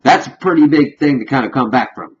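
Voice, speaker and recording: A man talks through a TV episode in a loose, chatty recap at a mid pitch. He keeps slipping into brief acted-out asides. The recording sounds dull and lo-fi. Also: expressive. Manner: chatty, retells scenes with quick acted-out asides. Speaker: TV episode reviewer. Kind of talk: casual recap vlog.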